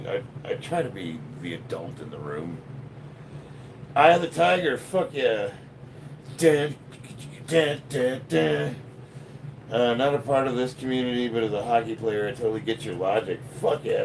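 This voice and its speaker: A man in his fifties from Chicago, talking on a live workout stream. His pitch swings around a lot as he jokes, swears and laughs through viewer comments. A faint hum of noise sits under his voice. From Chicago, United States. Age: 50s. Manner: profane, joking, laughs often. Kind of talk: casual live-stream chat reading comments.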